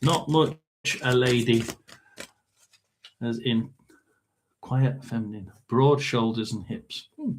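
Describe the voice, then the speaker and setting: A middle-aged man gives a casual tarot and spirit box reading, rambling and halting with frequent ums and throat clearing. His voice sits in the mid range, and background noise can be heard.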